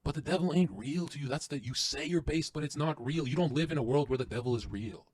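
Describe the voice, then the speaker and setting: A man guesting on a podcast, delivering an intense, profane motivational rant that swings from loud to hushed. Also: on the high side, fast talker, dry recording.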